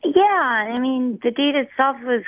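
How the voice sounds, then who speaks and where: Woman, phone caller, slow, halting, phone-line sound. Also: sits high, expressive, no room sound. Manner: hesitant, filler-heavy.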